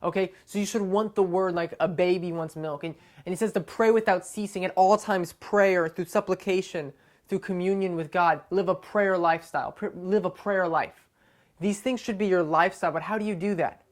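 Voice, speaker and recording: A woman's voice: fairly low pitch, fairly even intonation, moderate pace. A woman giving a short, conversational devotional talk to camera, often checking in with "right?". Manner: conversational, keeps asking "right?". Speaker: devotional speaker.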